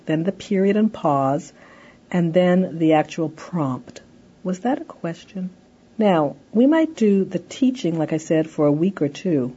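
Soft mellow lady explaining parenting steps, chatty, kinda muffled tape sound. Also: on the low side, husky. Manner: explanatory, conversational, fills with "you know". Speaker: parenting educator. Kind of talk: recorded lecture.

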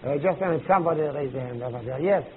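A man teaching a class, halting and searching for words, with emphatic rising questions to students. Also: a little high. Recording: tinny lo-fi old tape recording with faint hiss.

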